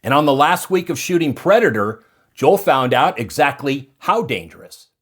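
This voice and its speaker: Lively male documentary narrator. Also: a little high, normal speed, breathy edge.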